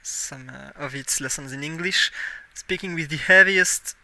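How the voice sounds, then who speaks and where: A young man streams a game live and talks in English with a heavy French accent. His voice is very bright and sharp, and his speech is clear and crisp. He muses aloud as he plays and often stops to correct himself. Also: fairly high pitch, measured pace, no room sound. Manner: musing aloud while playing, self-correcting. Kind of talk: casual live-stream commentary.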